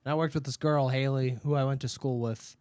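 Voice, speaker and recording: A podcast co-host from Massachusetts tells a story in casual chat, animated and swearing heavily. He speaks fairly quickly in a mid-range voice, with no echo.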